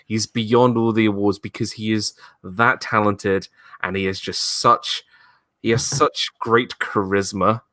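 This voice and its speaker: A man hosting a casual live-stream chat over a video call, talking with enthusiasm and loudly acting out movie quotes. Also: fairly low pitch, steady tone, measured pace, no echo. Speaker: host.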